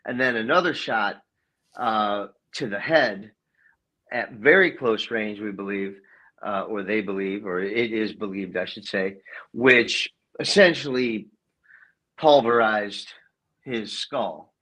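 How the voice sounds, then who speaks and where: Middle-aged man explaining haltingly on a call. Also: fairly low pitch, pushed and bright, poor audio. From Ohio, west side of Cleveland. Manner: hesitant, many uh fillers, self-correcting. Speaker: expert guest. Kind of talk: casual explanatory interview.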